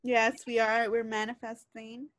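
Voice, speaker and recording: High-voiced young woman, dry close sound. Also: flat delivery, measured pace, fairly bright tone, no room sound. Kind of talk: casual chat.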